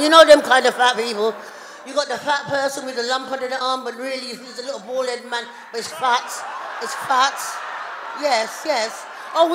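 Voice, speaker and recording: A middle-aged woman performing a stand-up comedy routine, telling an animated story full of voiced characters. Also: high-pitched, a little hiss or hum. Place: town hall stage. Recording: live in a reverberant hall.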